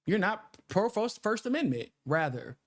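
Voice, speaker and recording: A man's voice: high voice, normal speed. A man, co-hosting a casual political chat with lots of laughter and cursing. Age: 30s. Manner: loud laughs, profane and animated. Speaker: co-host.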